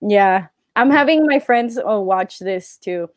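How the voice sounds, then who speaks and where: A woman's voice: mid-range voice, lively intonation, dry recording, studio quality. A woman guesting on a live stream, chatting casually and teasing with lots of giggles. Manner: giggly, teasing, quick bursts. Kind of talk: casual chat.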